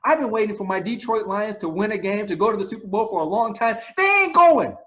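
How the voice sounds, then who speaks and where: A man preaching a sermon, telling lively stories and closing in soft prayer. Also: sits high, fast. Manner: animated storytelling, rising to loud exclaims. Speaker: pastor.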